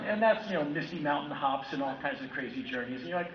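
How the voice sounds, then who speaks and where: A man in his fifties from the United States giving a keynote talk, telling personal stories in an animated way and acting out other people's voices. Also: a little high, fast talker, hardly any pauses. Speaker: keynote speaker. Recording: echoey hall from far off, dull lo-fi sound with faint ambience.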